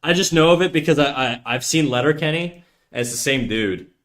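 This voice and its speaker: A man from Canada chatting casually on a live stream, laid-back and swearing freely while thinking out loud. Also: fairly high pitch, a little fast.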